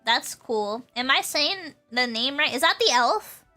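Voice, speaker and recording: Young woman streamer, high and very lively voice, chatty and rambling, faint music underneath. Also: measured pace. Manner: bubbly, rambling, laughs often, repeats herself. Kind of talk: casual chat with stream chat.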